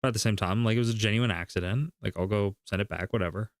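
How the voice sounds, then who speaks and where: A man's voice: lowish voice, fast talker, no echo, clean studio sound. A man streaming, telling a story in casual chat, rambling and full of fillers.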